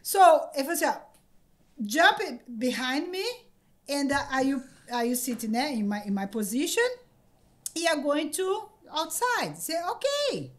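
Excited high-voiced woman. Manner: excited, laughing, halting with many repeated words. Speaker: podcast guest. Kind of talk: casual storytelling. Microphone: podcast microphone.

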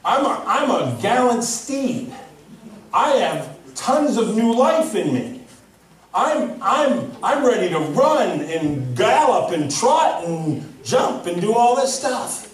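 A man's voice: high voice, very animated, takes it slowly, voice pushed up, full character voice. A man voicing an eager, boastful young male horse. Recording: echoey hall from far off.

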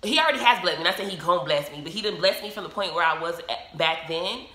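Woman vlogger, lowish voice with a bright, forceful edge, animated storyteller, echoey room. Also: fast talker. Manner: animated, emotional, acts out quoted dialogue. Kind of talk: casual storytime monologue. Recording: roomy echo.

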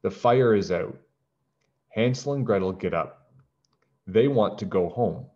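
A man, a teacher, reading a children's storybook aloud to his class in a slow, clear and expressive way, in a lo-fi recording. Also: lowish voice. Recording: dull lo-fi recording.

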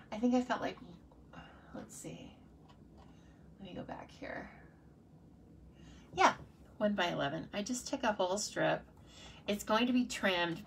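A woman's voice: mid-range voice, creaky, slight background noise. A woman demonstrating card-making in a casual live tutorial, chatty and playful, talking to herself and her viewers. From United States.

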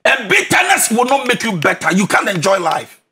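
Using a high, pushed, bright voice with big pitch swings at normal speed, a Ghanaian-accented relationship counselor delivers animated advice. He hammers his points like a preacher, repeating the key phrases.

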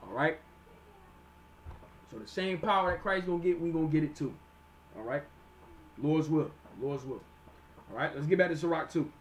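High-voiced man preaching from scripture. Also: expressive, a little hiss or hum. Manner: reads verses slowly then explains in plain street talk; repeats "all right?" to check on listeners. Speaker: teacher. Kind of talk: scripture teaching sermon.

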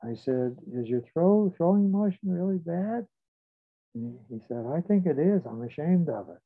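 An older male psychotherapist tells stories from his practice at a measured pace, lifting and dropping his voice as he replays old dialogues. His voice is gravelly and comes through a tinny, phone-like line. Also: a little high, animated. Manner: measured, recounting dialogue with shifts in loudness. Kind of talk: reflective storytelling.

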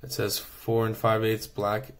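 Excited man unboxing a knife, low voice. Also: unhurried. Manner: enthusiastic, rambling with many fillers. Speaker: knife reviewer. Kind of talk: casual unboxing review.

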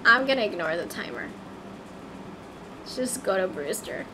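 A woman's voice: medium pitch, animated, normal speed, background noise. A woman chatting casually on a game livestream, easily flustered and singing snatches of songs.

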